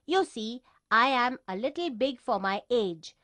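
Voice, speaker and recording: A woman's voice: fairly high pitch, lively intonation, measured pace, a bit bright, no room sound. A woman reading as a big shy schoolboy. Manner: teasing then shy.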